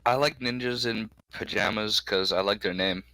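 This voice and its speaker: A man's voice: lowish voice, normal speed, sharp tone, no echo, low-quality recording. A young man, a guest on a gaming podcast, chatting in a joking, laid-back and somewhat hesitant way. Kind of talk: casual podcast chat.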